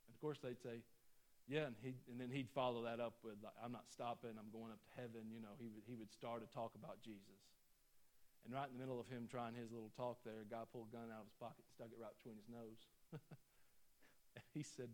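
A man preaching a sermon with passion, swinging from loud bursts to hushed, quiet passages. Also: medium pitch, a little fast. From United States.

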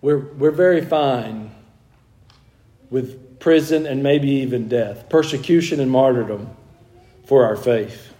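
A man gives a sermon slowly, his mid-range voice warm in tone. He speaks earnestly and emphatically, frequently starting phrases over and stressing important points with a rising push.

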